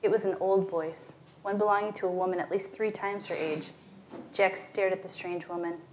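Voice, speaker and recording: A woman reading a short story aloud as narrator, shifting her pitch and volume for the dialogue. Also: fairly even intonation, moderate pace, a little hiss or hum.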